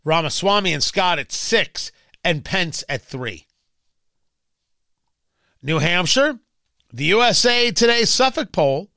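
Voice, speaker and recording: A man's voice: high-pitched, pushed and bright, no echo, studio quality. A man hosting political talk radio, emphatic and sarcastic, sometimes mocking other voices. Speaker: radio talk show host.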